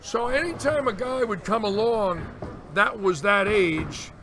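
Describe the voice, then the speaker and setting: Here a man in his sixties who commentates on bowling chats casually, spinning long, animated tales and performing the quoted lines himself. His voice is high and his delivery a little slow, with noticeable noise behind him.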